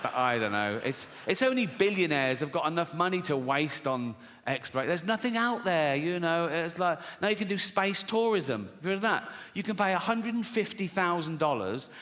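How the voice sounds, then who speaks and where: A slightly high, sing-song male voice, a bit bright, rolls along at a moderate pace with few pauses. He's doing profane, mocking stand-up on a live theatre stage with an audience, imitating characters' voices, recorded in a reverberant space with faint ambience.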